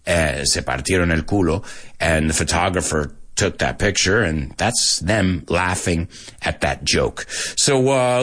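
A man teaching English to Spanish speakers in a casual, animated show, acting out lines and then translating them. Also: lowish voice. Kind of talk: bilingual language lesson, casual and animated.

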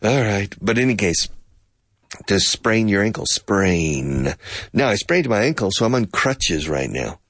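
A man's voice: animated, a little slow, fairly bright tone, no room sound, studio quality. A man giving a playful English lesson, acting out both sides of a conversation and explaining phrases with bits of Spanish. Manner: acts out both sides of a conversation, switching pitch. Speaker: English teacher.

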